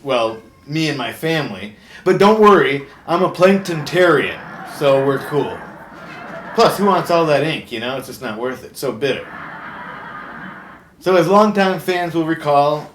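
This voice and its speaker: A man playing a punning shark talk show host. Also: fairly high pitch. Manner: deadpan punning, chuckling at own jokes. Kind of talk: comedic late-night monologue. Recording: roomy echo with faint background hum.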